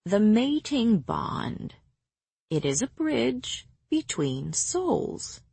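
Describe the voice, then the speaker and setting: A woman voicing an ancient female healer who speaks slowly with blunt, quiet firmness. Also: medium pitch, very animated, creaky, slightly rough, no room sound, full character voice. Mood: grave. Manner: slow, measured, quietly firm.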